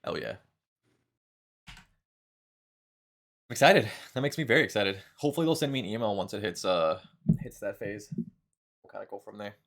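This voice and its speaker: A man's voice: lowish voice, quick pace, creaky. A man streaming games live, chatting casually with friends and viewers, swearing freely and laughing often. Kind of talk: casual gaming chat.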